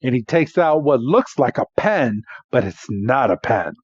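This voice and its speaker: A man's voice: medium pitch, animated, a little slow, slightly rough, no room sound, highs cut off. A man co-hosting a podcast, recapping an episode in casual chat, chatty and laughing often with lots of filler words. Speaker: podcast co-host.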